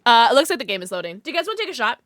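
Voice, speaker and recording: A woman's voice: on the high side, very animated, rapid-fire, fairly bright tone. A woman streaming live, chatting casually with viewers and cooing over her pets. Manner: bubbly, coos over her pets, laughs often. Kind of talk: casual livestream chat.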